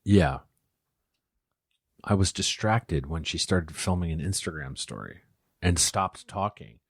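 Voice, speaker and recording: A man on a comedy podcast, tossing in deadpan one-line quips. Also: low-pitched, measured pace, gravelly, breathy edge, no room sound, studio quality. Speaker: podcast guest. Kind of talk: casual comedy chat.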